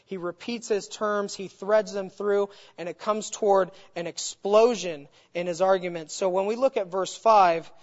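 An adult Bible teacher gives an expository lesson at a mid pitch, stressing key words and building each point through repetition. The voice rings with a long hall echo. The sound is dull and lo-fi. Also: fairly even intonation, moderate pace, few pauses.

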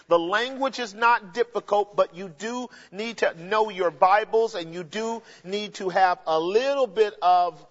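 Bright-voiced preacher man in a reverberant hall. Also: high voice. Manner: emphatic, explanatory, addresses the congregation directly. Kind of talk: expository sermon. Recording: dull lo-fi recording with long hall reverb.

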